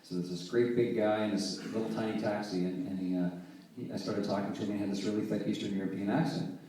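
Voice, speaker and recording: A man from Halifax, Canada, a singer-songwriter telling a story between songs in a relaxed, conversational way. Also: on the low side, quick pace. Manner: relaxed, conversational, softly spoken. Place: theater stage. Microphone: distant camera mic in the audience. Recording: echoey theater, distant camera mic.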